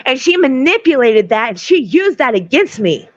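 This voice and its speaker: A woman's voice: high voice, very animated, normal speed, no echo. A woman arguing her side bluntly, swearing and confronting the person she speaks to. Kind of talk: heated casual argument. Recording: dull lo-fi stream audio.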